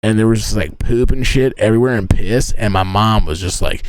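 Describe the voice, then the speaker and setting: A man's voice: fairly low pitch, brisk, smooth, no echo. Young male streamer, crude rambling humor, dry sound. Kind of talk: casual live-stream chat and storytelling. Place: inside a tent.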